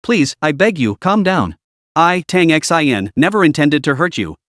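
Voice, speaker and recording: A man's voice: fairly high pitch, sing-song, measured pace, fairly bright tone, no echo, studio quality. A man voicing a desperate young woman who pleads and begs. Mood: desperate pleading. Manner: begging, pleading.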